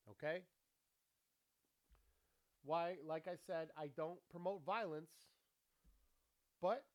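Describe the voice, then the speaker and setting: Male show host, slightly high voice, rambling motivational talk, curses freely, talks to a camera. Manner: rambling, profane, laughing often. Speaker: podcast host. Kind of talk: motivational monologue. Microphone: camera with ring light.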